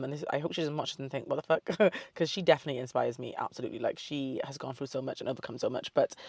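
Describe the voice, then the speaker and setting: A woman's voice: low-pitched, a little mellow, no room sound. Chatty young woman, dry close sound. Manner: chatty, swears freely, drifts off on tangents; upbeat self-love pep talk. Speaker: fitness model and online coach. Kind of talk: casual Q&A chat to camera.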